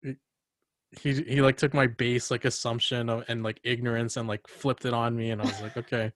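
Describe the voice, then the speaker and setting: A young man chats on his podcast in a middle-pitched voice, telling long rambling stories packed with fillers and quick laughs. The sound is close and dry, with no room around it. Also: level tone, no echo. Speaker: podcast host. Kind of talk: casual chat.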